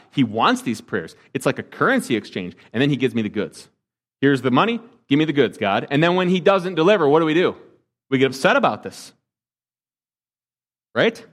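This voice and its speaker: A man preaching a sermon as pastor, conversational, with joking asides and questions to the congregation. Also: mid-range voice.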